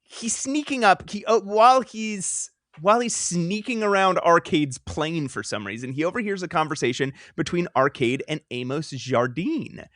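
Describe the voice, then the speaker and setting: A man co-hosting a casual comic book podcast, recapping plot in a rambling way with self-interruptions and quick jokes. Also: high-pitched, lively intonation, fairly bright tone, no echo, clean studio sound. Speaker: podcast co-host.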